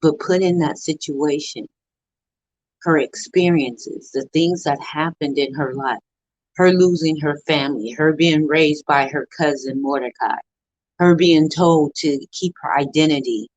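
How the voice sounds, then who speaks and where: Her deep, slightly mellow voice moves a little slowly as she delivers an earnest motivational talk over a live stream, repeating phrases with a preacher-like cadence. She's a middle-aged woman, and the recording has no room sound, with the highs cut off.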